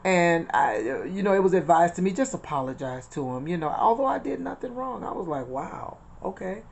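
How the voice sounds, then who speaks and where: A woman's voice: fairly low pitch, expressive, brisk, creaky, darkish tone. A middle-aged woman hosting a casual spiritual talk, chatty and full of retold conversations and scripture. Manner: chatty, repeats phrases, quotes scripture and retells conversations. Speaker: inspirational channel host.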